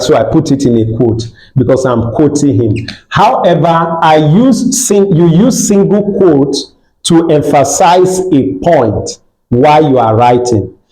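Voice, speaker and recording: A man's voice: medium pitch, poor audio. Man teaching, checking in constantly. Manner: checks in often with rhetorical "All right?" and "Do you understand?"; repeats and rephrases points slowly for emphasis. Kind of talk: classroom-style lesson.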